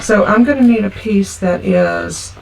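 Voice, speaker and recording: A chatty woman walks through a card-making tutorial step by step. Her voice is a little gravelly and sits back from the mic. Faint noise hums under it. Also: medium pitch, measured pace, a little mellow. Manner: chatty, homey, talks through each step. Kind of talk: casual craft tutorial. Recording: from a distance with faint background noise.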